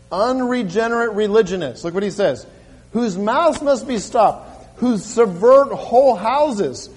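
Middle-aged preacher guy, kinda high voice, drags out bible verses slow then goes quiet and chatty, big echoey church. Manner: reads scripture aloud slowly and emphatically, then drops to a quiet conversational tone. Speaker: pastor. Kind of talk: sermon.

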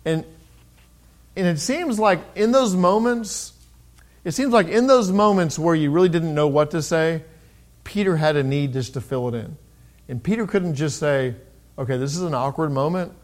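A middle-aged man giving a sermon with a fairly high voice. He talks in an easy, conversational way, starting some phrases over. When he reads scripture, he lifts his voice. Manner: conversational, pauses and restarts, reads scripture in raised voice. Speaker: pastor.

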